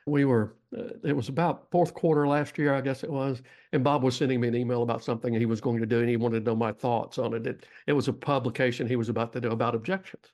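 Folksy Texan storyteller guest. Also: male voice, mid-range voice, steady tone, fast talker, few pauses, a little mellow. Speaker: podcast guest. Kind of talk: storytelling interview.

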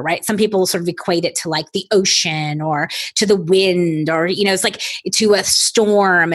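Woman podcast co-host, earnest and emphatic, mid-range voice, loose fillers. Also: medium pitch. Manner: earnest, emphatic, thinks aloud with many fillers. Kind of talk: casual podcast conversation.

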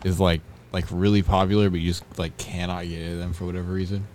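A man's voice: deep voice, level tone, fast talker, a little mellow, a little hiss or hum. A young man co-hosting a casual podcast chat, rambling with lots of "like" and "bro". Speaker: podcast co-host.

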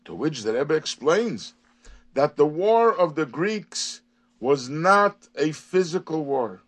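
A man's voice: fairly high pitch, takes it slowly. A man teaching a daily Hasidic text, reading Hebrew and phrases and then translating and explaining them rising emphasis. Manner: animated, rising and emphatic on key words. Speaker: Torah teacher.

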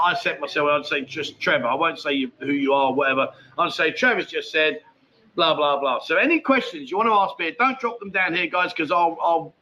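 Bright, rambling man hosting a livestream. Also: fairly high pitch, muffled recording. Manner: rambling, chatty, matey. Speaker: livestream host. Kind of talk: casual live chat reading viewer comments.

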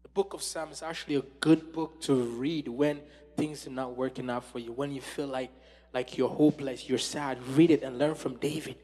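A man preaching a sermon with passion, swinging from loud exclamations to hushed tones. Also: mid-range voice, fairly even intonation, normal speed, husky. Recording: long hall reverb.

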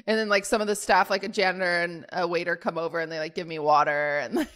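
A young woman co-hosting a podcast, telling a story in a rambling, animated way full of "like". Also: fairly low pitch, fast. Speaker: podcast co-host. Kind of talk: casual chat storytelling.

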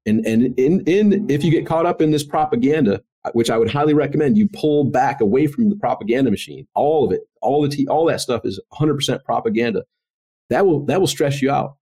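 A man's voice: medium pitch, dark tone, husky. Earnest, reflective male podcast guest. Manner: earnest, reflective, faith-centered. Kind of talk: casual interview chat.

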